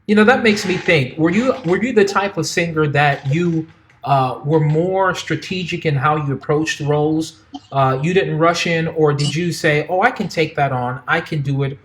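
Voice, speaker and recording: A man's voice: on the high side, normal speed, slight background noise. Male host asking long questions. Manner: asks long, winding questions with many restarts. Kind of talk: interview questions.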